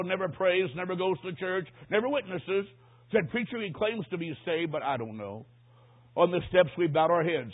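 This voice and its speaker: A man preaches, telling a story and acting out each voice as he goes. His voice is a bit high and husky. He swings between near-whispers and loud cries, and the sound is thin and tinny, like a phone line. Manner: swings from hushed to shouting, acts out quotes. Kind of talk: sermon with a dramatic story.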